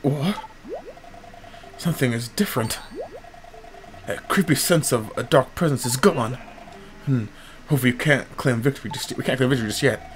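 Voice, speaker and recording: A man's voice: mid-range voice, moderate pace, long pauses, a little hiss or hum, lightly acted. A man voicing a worried old village elder in a video game, speaking in a hesitant, uneasy way.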